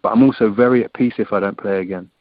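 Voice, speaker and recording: Low-voiced English man on a dull call line. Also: fast, dry recording. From England. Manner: laid-back, chatty, says "man" often. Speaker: guest, rugby player. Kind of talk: casual interview over a phone line. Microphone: phone or call line.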